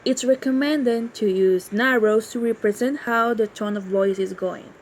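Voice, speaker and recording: A woman's voice: a little high, moderate pace, hardly any pauses, a little mellow, a little hiss or hum, rough recording. A woman giving a class presentation on teaching, in a hesitant way and repeating words as she goes.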